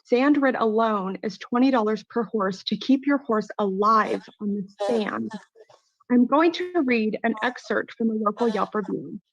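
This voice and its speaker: A woman's voice: on the high side, unhurried, muffled recording. A woman giving an earnest, emotional public comment at a city council meeting, reading out prepared remarks.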